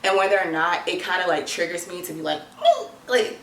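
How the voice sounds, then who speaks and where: A woman's voice: on the low side, fairly even intonation, fast, fairly bright tone, a little hiss or hum. A young woman talking casually to camera in an advice vlog, chatty and dramatic, full of "like". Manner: chatty, dramatic, lots of filler "like". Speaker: vlogger. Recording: echoey room.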